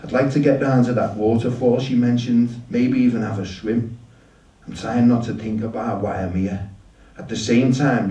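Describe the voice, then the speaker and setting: Man, live spoken-word storytelling, dry and deadpan, echoey shop, distant mic. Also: lowish voice, highs cut off. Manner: dry, deadpan, swears freely. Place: shop venue with audience.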